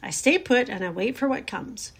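A woman voicing a calm, wise female spider who talks in a cool, collected, motherly way. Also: fairly high pitch, normal speed, gravelly, breathy edge, full character voice. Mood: firm, soothing.

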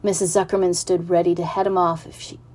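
A woman reading a children's storybook aloud in an even, unhurried narrating manner. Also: fairly low pitch.

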